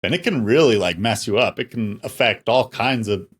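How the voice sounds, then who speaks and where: A man in his forties co-hosting a podcast, speaking in a loose, halting casual chat. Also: on the low side, lively intonation, breathy edge. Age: 40s. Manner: loose, halting delivery with fillers. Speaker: podcast co-host.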